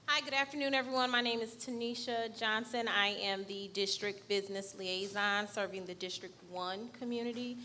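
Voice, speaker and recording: A woman's voice: mid-range voice, fairly even intonation, normal speed, hardly any pauses, bright, forceful tone, a little hiss or hum. A woman, a city business liaison, giving a polite, formal introduction at a public meeting. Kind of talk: brief self-introduction at a meeting.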